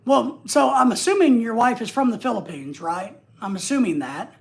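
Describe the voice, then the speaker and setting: A man's voice: very high voice, lively intonation, moderate pace, creaky. A man hosting a livestream, chatting casually and reading viewer comments aloud in a rambling, joking way. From United States. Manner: rambling and joking, with frequent restarts. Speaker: livestream host.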